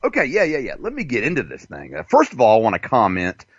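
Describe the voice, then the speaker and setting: Lively-voiced man hosting crude radio chat. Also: mid-range voice, fast, husky, dry recording. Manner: animated, profane, rambling with fillers. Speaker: show host. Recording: dull, dry lo-fi sound.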